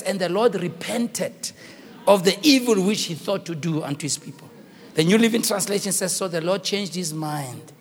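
A man preaching a dramatic sermon, acting out the dialogue with shouts. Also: sits high, creaky, big-room sound.

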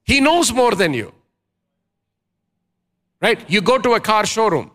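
A man's voice: sits high, sing-song, a little slow, pushed and bright. A man preaching a sermon as pastor, emphatic, asking the congregation questions and leading call-and-response.

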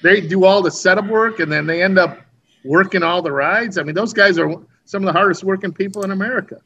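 A man's voice: high voice, fast, pushed and bright, muffled recording. A man hosting a casual podcast, reading listener questions and telling corny jokes. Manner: reads listener mail, tells corny jokes. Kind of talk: casual chat.

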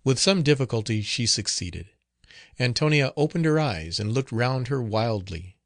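A man narrating a gothic novel as an audiobook, reading in a measured, solemn manner. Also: mid-range voice, animated, dry recording, clean studio sound.

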